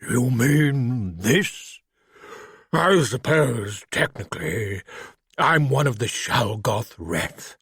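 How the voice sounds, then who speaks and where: A man voicing a huge clawed cave monster that speaks slowly and courteously in a deep, garbled, refined British voice. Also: lively intonation, fairly bright tone, husky, dry recording, clean studio sound, full character voice. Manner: slow, courteous, apologetic.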